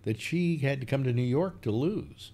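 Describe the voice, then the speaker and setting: A man's voice: mid-range voice, normal speed. An older man, the show's host, chatting casually and telling rambling stories with lots of fillers. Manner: rambling, animated storytelling with many fillers. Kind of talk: casual chat.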